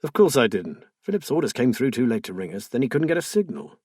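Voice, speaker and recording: A man voicing a strained, defensive middle-aged husband in an audiobook, coaxing and exasperated in turn, with a husky voice. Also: medium pitch, very animated, fast, darkish tone, dry recording, studio quality. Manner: pleading, then tense and exasperated.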